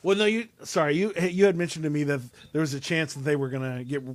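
A man's voice: on the high side, steady tone, quick pace, no room sound. A man hosting a casual web show over a remote call, talking with many fillers and restarts. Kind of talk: casual chat.

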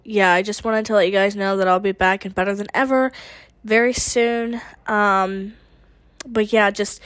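A woman's voice: medium pitch, fairly bright tone, no room sound. Emotional woman podcaster, dry close sound. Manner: emotional, rambling with many fillers. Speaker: podcast host. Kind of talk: casual personal update to listeners.

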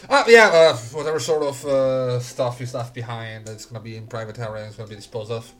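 A man voicing a male dig company employer on a call, halting and full of fillers. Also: medium pitch, a bit bright, faint music behind, natural voice. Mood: offhand. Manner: hesitant, halting with many fillers.

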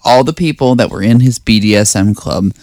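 A man's voice: on the low side, fairly quick, darkish tone, no room sound. Guy rambling about a movie on a podcast, lots of likes and restarts, dry close sound. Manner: rambling, swears, many fillers and restarts. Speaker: podcast co-host. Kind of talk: casual movie review chat.

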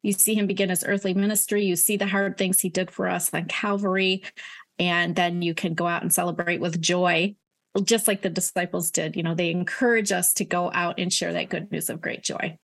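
A woman's voice: fairly low pitch, fairly even intonation, normal speed, gravelly, a bit bright. A middle-aged woman, an author, speaking earnestly in a casual interview about her faith, with some fillers and restarts. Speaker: author guest. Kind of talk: casual Christian interview talk.

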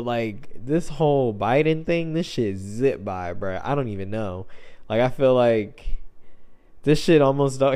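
A man's voice: medium pitch, darkish tone. A young man hosting a solo podcast, rambling loosely in heavy slang with lots of filler words. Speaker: podcast host.

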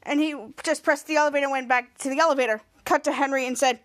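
A woman's voice: sits high, fairly even intonation, fast, hardly any pauses, no room sound, studio quality. A woman hosting a podcast, casually recapping a TV episode scene by scene with lots of "cut to" and questioning fillers. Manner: rambling, repeats "cut to" with questioning "hmm?" fillers. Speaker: podcast host.

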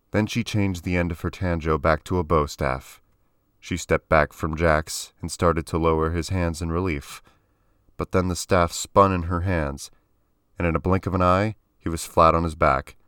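A man narrates a story in a measured, even audiobook style. His voice is very deep and low. The sound is dry and close, with no room around it. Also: clear, resonant tone, no echo.

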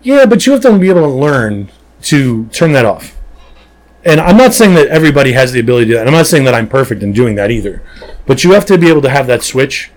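A man's voice: medium pitch, quick pace, low-quality recording. A man who works as a police officer, chatting casually on a podcast in an emphatic, blunt way. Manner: animated storyteller, emphatic and blunt.

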